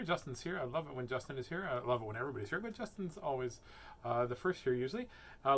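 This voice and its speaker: Man, playful storybook reader, bright forceful tone, slightly high voice, silly asides. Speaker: host reading children's books aloud. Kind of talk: casual chat and picture book reading.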